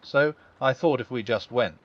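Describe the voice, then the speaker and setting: A man reading a storybook aloud and voicing a melancholy, sardonic old grey donkey in a slow, mournful way. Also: highs cut off, close to an everyday voice. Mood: gloomy. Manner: slow, mournful, low-voiced.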